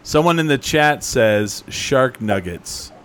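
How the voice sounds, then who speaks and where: A man's voice: medium pitch, expressive, slow pace, fairly bright tone, slight background noise. A man hosting a live online talk show, chatting casually and joking with his guests. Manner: joking, does goofy voices. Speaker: podcast host. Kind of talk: casual live-stream chat.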